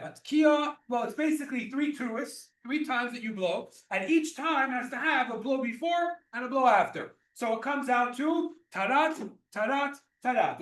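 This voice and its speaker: High-voiced man teaching in an echoey room. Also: fairly bright tone. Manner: repeats and restarts, explains with everyday examples. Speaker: rabbi teaching a class. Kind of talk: explanatory Torah class. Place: class room or synagogue. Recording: echoey room, mic far off.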